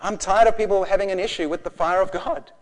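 A man in his forties delivers a sermon with a slightly higher voice than most men. He preaches with passion, telling lively stories and breaking into laughter. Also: fast talker. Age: 40s. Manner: passionate, animated storytelling with laughter. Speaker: pastor.

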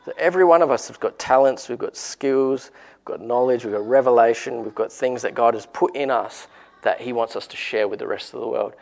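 A man with an Australian accent preaching a relaxed, encouraging sermon and telling a story in a conversational way. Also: mid-range voice, brisk, vocal fry.

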